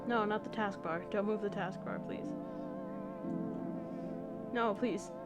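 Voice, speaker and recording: A woman's voice: medium pitch, takes it slowly. A woman streamer rambling and muttering to herself in casual live gameplay chatter, with some casual swearing, at a home streaming setup. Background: game music.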